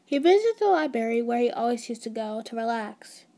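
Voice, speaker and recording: Mellow woman telling an ASMR story. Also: a little high, lively intonation, fairly quick. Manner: casual, with restarts and side notes.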